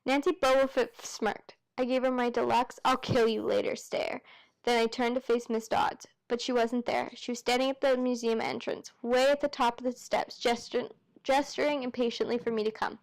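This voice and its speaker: A woman reading a novel aloud in a relaxed, unpolished way. She stops for chatty asides and often corrects herself mid-word, and her voice sits a little high. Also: normal speed. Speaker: amateur reader. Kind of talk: casual read-aloud of a novel.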